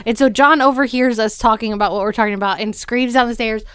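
A woman in her thirties hosts a podcast, chatting casually with friends and animatedly telling stories while acting out other people's lines. Her voice is a little high and quick, and the recording is very noisy.

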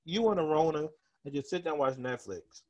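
A man co-hosting a casual podcast, talking in an animated, joking way and laughing often. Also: on the high side, fairly quick, no room sound, dull audio. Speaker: podcast co-host.

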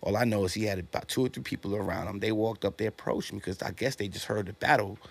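A man, a guest telling rough, profane stories in casual talk and acting out the other voices. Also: lowish voice, quick pace. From New York. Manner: animated, profane, acts out quoted dialogue. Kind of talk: casual storytelling.

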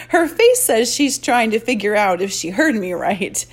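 A woman narrating an audiobook chapter in first person, with an expressive, excited reading. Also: fairly high pitch, normal speed, hardly any pauses.

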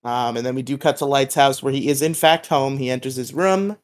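A man with a medium-pitched, steady voice speaks fairly quickly while co-hosting a podcast. He recaps a TV episode chattily, retelling scenes with lots of filler words.

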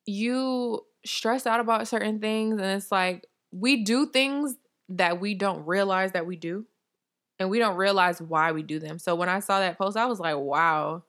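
A woman's voice: medium pitch, measured pace, fairly bright tone. Woman, podcast co-host, casual chat, chatty, laughs often.

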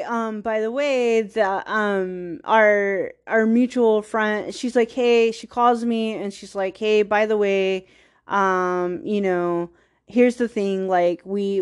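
A woman hosting a podcast tells a personal story in a rambling, casual way, peppered with "like" and wistful, self-deprecating laughs. Her voice is medium-pitched, smooth and darkish in tone.

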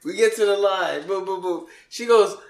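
A man's voice: sits high, moderate pace, reverberant. A man co-hosting a podcast, telling a rowdy, profane story and breaking into laughter as he goes. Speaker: podcast co-host. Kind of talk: rowdy casual chat.

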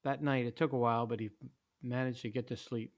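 A man reading a story aloud in a steady, plain way, with small slips. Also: mid-range voice, a little fast. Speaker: narrator.

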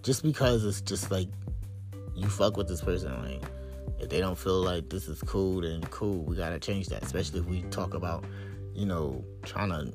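Young man with a low voice and AAVE, venting blunt and heated with soft music behind. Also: expressive, normal speed. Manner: blunt, profane, heated, rising to exasperated highs. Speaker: podcast host. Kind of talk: venting monologue.

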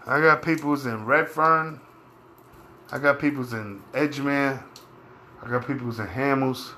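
A man's voice: mid-range voice, measured pace, sharp tone, a little hiss or hum. A man from Far Rockaway, Queens, with a New York accent, talking through a profane, rambling opinion monologue as a podcast host.

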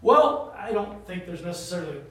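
A man preaching a conversational sermon to a small group. He talks in an animated, rambling way and keeps asking the listeners for answers. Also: high voice, a little fast. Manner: animated, rambling, calls for responses. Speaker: pastor. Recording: roomy room, voice from a distance.

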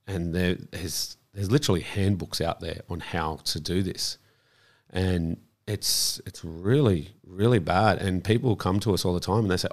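In a low voice at normal speed, a man who campaigns for child protection speaks earnestly as a guest in a conversational interview about his campaign. He frequently repeats words as he gathers his thoughts.

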